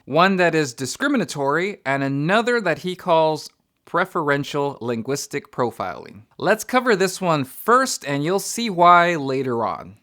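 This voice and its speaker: A man hosting an educational video, explaining academic theory in an energetic, conversational way. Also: fairly high pitch. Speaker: educator and channel host.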